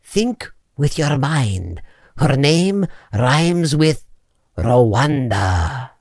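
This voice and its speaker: A man's voice: medium pitch, big pitch swings, extremely slow, darkish tone, dry recording, studio quality, heavily acted. A man voicing a pompous, stiffly formal memory coach in a comedy sketch, speaking precisely without contractions. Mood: prim.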